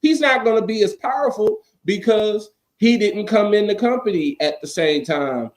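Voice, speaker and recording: A man with a high, sharply rising and falling voice chats on a podcast. He talks in quick, profane, animated rants and slips into mock quotes of the people he discusses. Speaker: podcast co-host. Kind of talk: casual chat.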